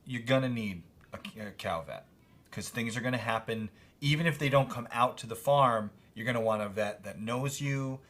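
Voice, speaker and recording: A man from Connecticut co-hosting a homestead podcast, talking casually with lively stress and frequent laughs. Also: lowish voice. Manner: animated, laughs often, drawn-out emphasis. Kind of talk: casual chat.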